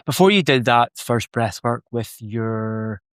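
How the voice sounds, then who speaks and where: An Australian man hosting a podcast, relaxed and conversational, swearing now and then. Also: medium pitch, measured pace, clear, resonant tone, dry recording, studio quality. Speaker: podcast host. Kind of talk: casual interview chat.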